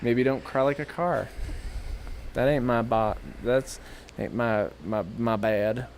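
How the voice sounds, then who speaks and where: A man's voice: medium pitch, fairly even intonation, takes it slowly, slight background noise. A young man co-hosting a casual podcast, joking around, laughing often and slipping into silly voices. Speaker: podcast co-host. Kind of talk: casual chat.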